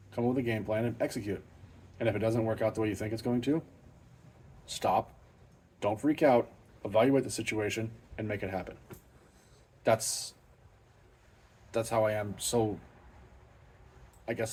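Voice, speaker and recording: A lowish, darkish, husky voice belongs to a middle-aged man hosting a car channel from his home garage. The vlog is off the cuff, and he swears freely, speaking in a blunt, plain, matter-of-fact way with a self-deprecating streak.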